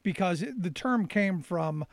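A man's voice: high voice, animated, measured pace, no room sound. A man hosting an interview, asking questions eagerly and often restarting his sentences. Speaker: interview host. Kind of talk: casual interview chat.

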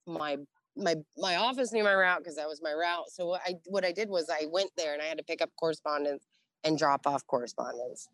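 Low-voiced woman telling a salty story. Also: brisk, no echo. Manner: profane, animated, acts out quoted dialogue. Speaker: interview guest, Navy veteran. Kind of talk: casual storytelling.

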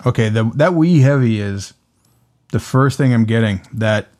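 A man's voice: mid-range voice, normal speed. A man casually reviewing a beer, musing aloud and often restarting his sentences. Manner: relaxed, musing, stumbles over words. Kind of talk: casual tasting chat.

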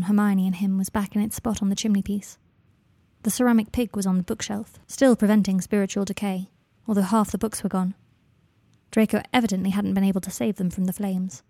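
A woman narrates a story in a measured, even voice. Her tone is mellow, with a gravelly edge. The reading is dry and close. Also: medium pitch, no room sound. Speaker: audiobook narrator. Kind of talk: fan fiction audiobook narration.

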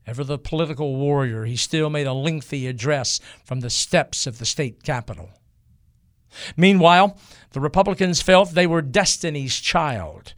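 A man with a slightly raised voice narrates history from a script. He tells it in a measured, emphatic storytelling manner. The sound is dry and close. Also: a little high, fairly bright tone, dry recording.

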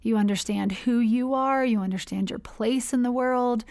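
A woman with a slightly high voice tells how she founded her charity, in a casual interview. She talks in a chatty, rambling way, full of fillers and restarts. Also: normal speed, darkish tone. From United States.

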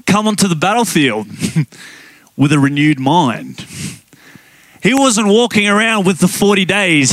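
High-voiced preacher, emphatic and dry. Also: male voice, dry recording. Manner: animated, storytelling, quick to laugh, emphatic. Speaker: guest pastor. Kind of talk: sermon.

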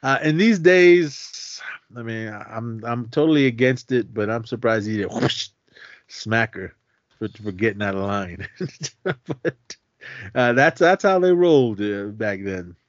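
A man's voice: mid-range voice, animated, a little slow, no echo, dull audio. Rambling man recapping a movie scene. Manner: rambling retelling full of fillers and acted-out dialogue. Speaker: podcast co-host. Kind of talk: casual movie recap chat.

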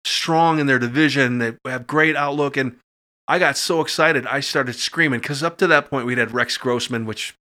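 A middle-aged man, a podcast guest, telling a personal story in casual talk and acting out the voices when he gets excited. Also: mid-range voice, normal speed.

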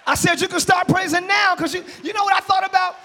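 A male pastor preaching a live church sermon, exhorting and shouting to the congregation, then dropping into quieter conversational asides. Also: extremely high pitch, fairly even intonation, fast, vocal fry, soft background music, some chatter behind. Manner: drops to a quiet conversational tone between shouted passages. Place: church sanctuary.

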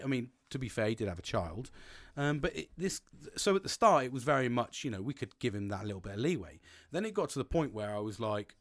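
A man's voice: mid-range voice, sing-song, fast talker. A British man talking in a frank, rambling casual monologue, swearing freely as a podcast host.

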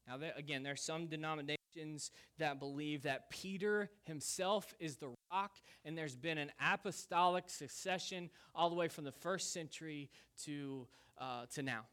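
A man preaching a sermon, casual and conversational, with an animated delivery. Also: a little high, normal speed, few pauses. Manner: lively, conversational preaching with Southern "y'all". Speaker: pastor.

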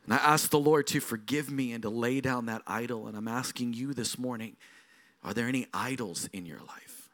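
A middle-aged man, a lead pastor, preaching a sermon in a storytelling way that moves from quiet moments to emphatic passages. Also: mid-range voice, moderate pace.

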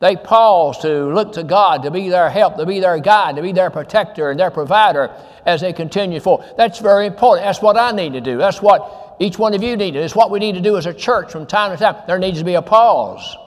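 Pastor guy preaching, high voice, big echoey church hall. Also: fairly quick. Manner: preaching with emphatic repetition, quoting scripture in a raised voice. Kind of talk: sermon.

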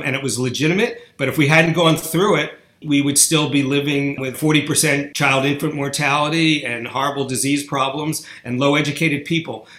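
A man giving an interview, making a forceful, opinionated argument. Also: fairly high pitch, roomy sound. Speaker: interview guest. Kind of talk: podcast interview.

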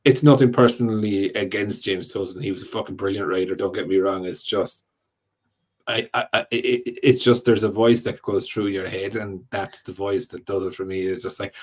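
A man's voice: fairly low pitch, darkish tone. A man hosting a casual podcast chat, rambling with restarts and often asking "do you know what I mean". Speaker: podcast host.

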